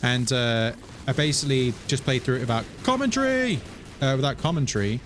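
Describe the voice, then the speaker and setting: Man, casual gameplay stream chatter, rambling, self-mocking, mid-pitched, faint noise behind. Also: a little fast. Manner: animated, jumps into higher voice quoting himself.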